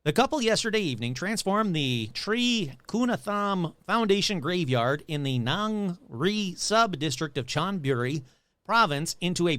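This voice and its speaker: A man hosting a podcast, reading paranormal news in a jokey, animated way and tripping over words. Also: sits high, no room sound. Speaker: podcast host. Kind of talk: casual paranormal news commentary.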